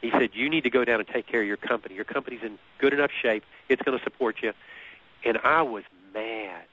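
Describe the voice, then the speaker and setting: A man telling a personal story in an easy conversational way. He is animated, often repeats words and laughs at his own story. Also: medium pitch, fast. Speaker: guest. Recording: muffled lo-fi radio recording.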